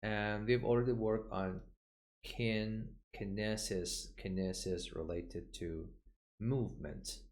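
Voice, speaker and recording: A man teaching medical English from a textbook. He repeats terms slowly to model their pronunciation and often pauses with "uh" as he points to the page. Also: fairly low pitch, steady tone, darkish tone. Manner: slow, deliberate, models pronunciation by repeating words; frequent "uh" fillers, points at the page. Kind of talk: textbook walkthrough lesson.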